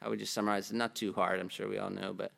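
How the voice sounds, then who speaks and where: A man's voice: on the low side, little pitch movement, racing, gravelly, a bit bright. A man preaching a sermon as pastor, in a conversational way, asking the congregation questions and adding joking asides.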